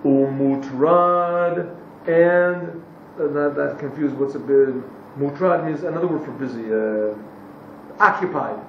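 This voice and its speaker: A man teaches a class at an unhurried pace, translating a text phrase by phrase and stopping to hunt for the right English word. His somewhat high voice comes from well back from the mic in an echoey room. The recording is dull and lo-fi, with faint noise underneath. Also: far from the mic. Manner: pauses to search for English words.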